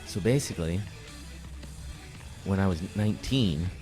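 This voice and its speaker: A man's voice: low-pitched, expressive, a little slow, darkish tone. A man co-hosting a podcast, telling rambling, profane stories in a casual chat. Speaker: podcast co-host. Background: music playing.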